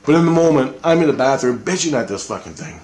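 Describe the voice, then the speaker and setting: A man's voice: medium pitch, big pitch swings, fast, darkish tone. Man, mid-range voice, casual monologue, intense and foul-mouthed, roomy echoey sound. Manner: profane, intense, repetitive storytelling. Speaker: storyteller recounting an experience.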